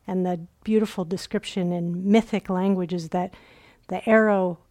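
A woman's voice: fairly low pitch, steady tone, moderate pace, mellow. A woman meditation teacher giving a dharma talk at a retreat center, telling stories reflectively and acting out quoted inner voices.

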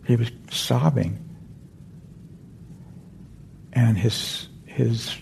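A male meditation teacher talks gently in a deep-toned, gravelly, mellow voice, meandering and correcting himself as he goes. Faint noise sits under the talk in the hall. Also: slow pace. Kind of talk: dharma talk with a story.

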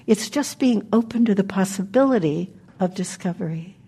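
An older woman giving a gentle, reflective dharma talk as a meditation teacher, pausing often and laughing softly. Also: medium pitch, animated, husky. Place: meditation hall.

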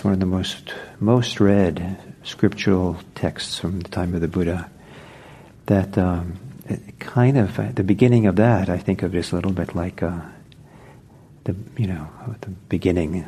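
Slow, husky-voiced man giving a dharma talk. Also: low voice, dark tone. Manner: unhurried, reflective, with frequent pauses and restarts. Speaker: meditation teacher. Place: meditation center.

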